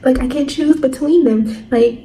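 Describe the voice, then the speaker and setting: A woman's voice: sits high, vocal fry. Gushing young woman in echoey room. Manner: excitable, gushing, drawn-out "like" fillers. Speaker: book vlogger. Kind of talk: reading vlog chat. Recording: echoey room, faint background noise.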